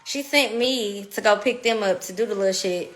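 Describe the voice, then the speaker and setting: A woman in her thirties telling a story in a casual, animated and profane way, laughing often. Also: medium pitch, moderate pace. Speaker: podcast guest.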